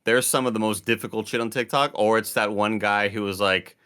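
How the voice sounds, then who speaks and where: A man co-hosting a podcast in casual chat, joking and animated. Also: on the low side. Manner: animated, jokey, quick to laugh. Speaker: podcast co-host.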